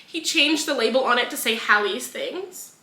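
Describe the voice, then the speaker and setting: A young woman in casual podcast chat, bright and forward in tone. She retells scenes with quick quoted voices, and the recording rings with a roomy echo. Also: fairly high pitch, expressive. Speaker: podcast co-host. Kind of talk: casual book review chat. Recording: echoey room.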